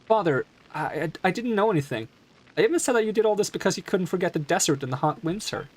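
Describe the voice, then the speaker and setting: A man's voice: high voice, lively intonation, quick pace, voice pushed up. A man voicing an earnest young daughter who pleads with her devoted father. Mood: pleading.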